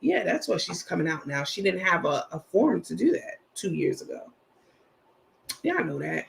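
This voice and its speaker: A man's voice: high-pitched, sing-song, normal speed, gravelly, a bit bright, slight background noise. A man hosting a casual livestream, chatting loosely and reading viewer comments aloud with plenty of fillers. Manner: chatty, rambling, many fillers. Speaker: livestream host.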